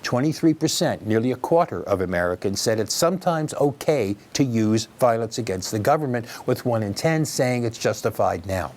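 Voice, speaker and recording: A man's voice: mid-range voice, lively intonation, moderate pace, few pauses, darkish tone. A man hosting a news commentary program, giving opinionated, wry remarks and addressing listeners directly. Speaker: commentary host.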